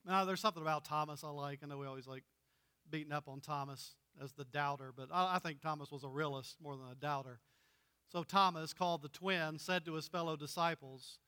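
A male pastor delivers a storytelling sermon with a high, bright voice that rings with clarity. He talks in an animated way and acts out the voices of the people in his stories. His words echo with the long reverb of a church hall. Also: clear, resonant tone.

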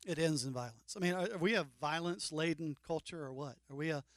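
Guy preaching a sermon, kinda high voice, dry close sound, jokey and animated. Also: fast, no room sound. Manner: animated, joking, mock-incredulous asides. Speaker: pastor.

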